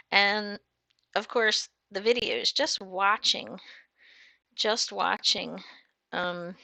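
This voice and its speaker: A woman's voice: mid-range voice, creaky, pushed and bright, smooth, no room sound. Bubbly chatty woman trucker livestreaming. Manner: chatty and bubbly, frequent laughs and fillers. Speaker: trucker hosting a live chat. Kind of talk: casual livestream chat reading comments.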